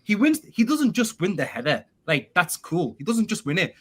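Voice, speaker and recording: A man's voice: sits high, sing-song, husky. A man chatting casually about football as a podcast co-host, enthusiastic and full of praise. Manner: enthusiastic, admiring, quick.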